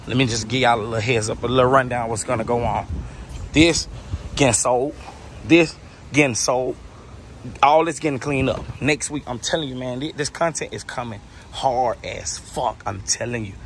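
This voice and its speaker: A man filming a casual car vlog outdoors, excited and a little out of breath, often repeating himself. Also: medium pitch. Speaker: car vlogger. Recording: noisy outdoor camera audio. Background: loud car engine and street noise.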